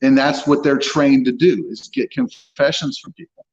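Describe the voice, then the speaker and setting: A man's voice: medium pitch, fairly even intonation, a little mellow. Blunt, profane man on dull audio. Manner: blunt, profane, halting with fillers. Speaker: guest recounting a false confession. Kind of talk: candid personal storytelling.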